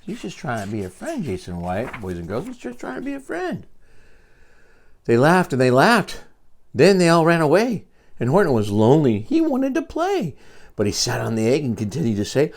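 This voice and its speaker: An older man reading a picture book aloud to his grandchildren, expressive, with quiet asides to the children. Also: mid-range voice, moderate pace. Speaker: storyteller.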